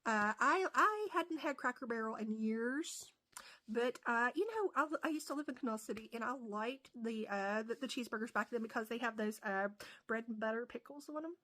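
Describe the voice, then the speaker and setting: A woman's voice: fairly high pitch, lively intonation, moderate pace, pushed and bright. A woman from West Virginia with an Appalachian accent, telling a casual story full of fillers and restarts. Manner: rambling, many fillers and restarts. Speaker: comedian vlogger.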